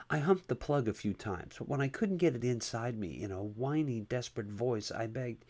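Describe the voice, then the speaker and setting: A man reading a first-person erotic story aloud at a steady, unhurried pace. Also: on the low side. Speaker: narrator.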